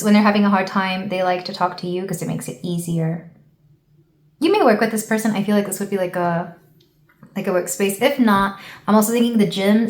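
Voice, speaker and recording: Rambling woman reading tarot, echoey room. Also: medium pitch. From United States. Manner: rambling, thinks aloud, soft fillers. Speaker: tarot reader.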